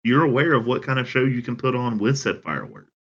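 A man with a Southern American accent, chatting casually as a podcast co-host and telling things in a dry, deadpan way. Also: medium pitch, slightly rough. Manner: dry, deadpan storytelling with drawn-out phrases. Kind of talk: casual chat. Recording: dull lo-fi sound.

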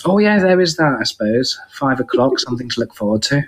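A man's voice: mid-range voice, expressive, brisk, slightly rough. A British man chatting as a podcast guest, wry and self-deprecating, with a rambling way of talking. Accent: British English. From United Kingdom. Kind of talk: casual chat.

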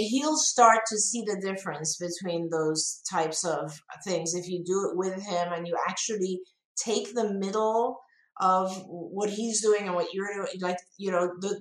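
A woman co-hosting a live question-and-answer show, giving parenting advice in a conversational way with many fillers and restarts. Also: mid-range voice. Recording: roomy echo.

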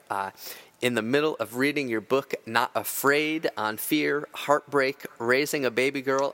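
A man's voice: medium pitch, fairly bright tone. A man hosting a podcast, talking casually and often repeating and restarting his words. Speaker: podcast host. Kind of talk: casual interview talk.

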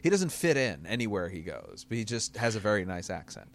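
A man hosting a podcast in casual chat, chatty and quick to laugh. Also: on the low side, very animated, vocal fry.

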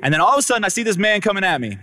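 A man's voice: high-pitched, big pitch swings, racing, pushed and bright, dry recording. A man telling his personal testimony to an audience, acting out the dialogue with drama and talking straight to the crowd. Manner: dramatic storyteller who acts out the dialogue; speaks directly to the crowd. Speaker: speaker giving a personal testimony.

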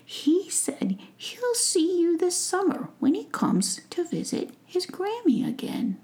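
A woman's voice: very high-pitched, sing-song, takes it slowly, darkish tone, pitched above the performer's own voice, exaggerated voice. A woman voicing a kind young male fairy prince in a whispered role-play. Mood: courteous.

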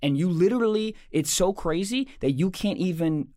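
Animated man telling comic stories. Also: sits high, moderate pace, no echo, clean studio sound. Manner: animated, swearing, acts out voices in stories. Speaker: comedian and podcast host. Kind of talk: casual chat, storytelling.

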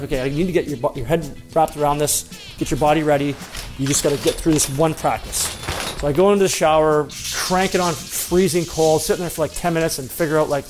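A middle-aged man, a former hockey player, telling a self-deprecating story in a casual, animated way with lots of fillers. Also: fairly high pitch.

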